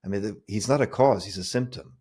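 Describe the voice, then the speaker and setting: Emphatic low-voiced man arguing a point. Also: fast, a little mellow, breathy edge. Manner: emphatic, argumentative. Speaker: podcast co-host. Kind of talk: casual discussion.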